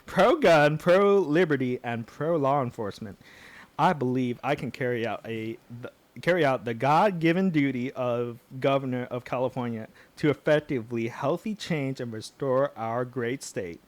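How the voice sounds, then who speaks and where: A man's voice: mid-range voice, normal speed, no echo, natural voice. A man voicing a pompous political candidate in a put-on Southern US accent, reading a statement aloud in a hammy way. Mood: mock-solemn.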